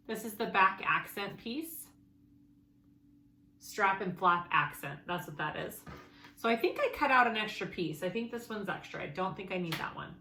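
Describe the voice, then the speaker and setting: A woman's voice: mid-range voice, pushed and bright. Chatty woman in an echoey room. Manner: chatty, thinking aloud, self-correcting. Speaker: sewing tutorial host. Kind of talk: casual sewing tutorial. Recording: echoey room, faint background noise.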